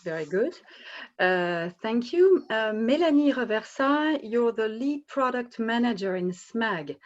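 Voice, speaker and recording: A woman leads an online panel as its moderator. She pauses often and restarts her sentences, filling the gaps with ums and uhs. Her voice comes through muffled, lo-fi call audio. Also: a little high, expressive. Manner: hesitant, many fillers and restarts. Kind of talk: hesitant webinar moderating.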